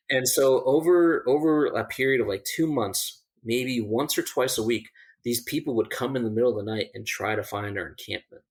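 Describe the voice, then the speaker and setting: This survival instructor speaks at normal speed in a mid-range male voice, casually telling a podcast story. He restarts often, leans on fillers, and laughs at the amusing parts.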